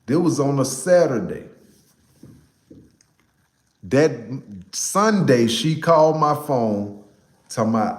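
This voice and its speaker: A young man, casually telling a personal story to a live chat, animated and repeating himself for emphasis. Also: mid-range voice, slow pace, pauses often, roomy sound.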